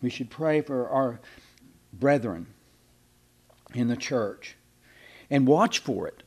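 A man's voice: mid-range voice, lively intonation, takes it slowly, husky. A man preaching a sermon in a folksy, conversational way, often repeating and restarting his words.

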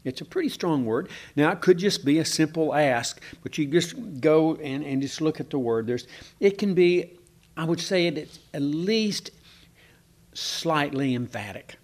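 A man's voice: fairly high pitch, expressive, unhurried. Conversational man teaching scripture. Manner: conversational, asks the room questions, hesitant with many fillers. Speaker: preacher. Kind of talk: informal Bible teaching to a small congregation.

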